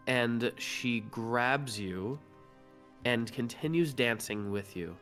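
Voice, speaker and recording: A man's voice: medium pitch, takes it slowly, faint music behind. Male dungeon master improvising a tabletop game. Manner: relaxed, filler-heavy improvising.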